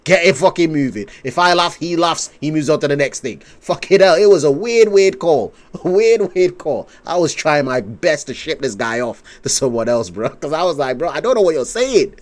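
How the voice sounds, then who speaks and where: A man's voice: on the high side, normal speed, few pauses. A man streaming live, rambling in casual commentary, swearing and laughing often.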